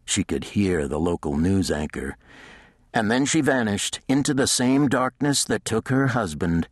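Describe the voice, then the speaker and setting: Low husky male narrator, dry close read. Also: animated, a little slow, no room sound. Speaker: audiobook narrator. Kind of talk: scripted narration.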